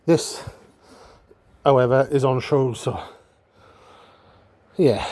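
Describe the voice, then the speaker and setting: A man's voice: fairly high pitch, expressive, measured pace, pauses often, dark tone. A man chatting casually while restoring a motorbike in his home workshop, rambling and self-mocking.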